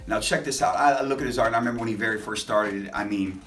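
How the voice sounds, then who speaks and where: Low-voiced man giving a casual devotional. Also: very fast, far from the mic. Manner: animated storytelling, many fillers. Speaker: lay preacher giving a daily Lenten reflection. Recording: voice a bit off-mic with light music behind.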